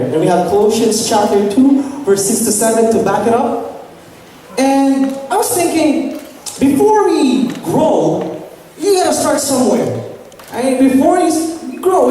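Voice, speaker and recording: A young woman from the Philippines gives a lively camp sermon and often asks the audience "right?". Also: fairly high pitch. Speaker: camp speaker. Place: large hall at a church summer camp. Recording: echoey hall, distant mic, faint noise.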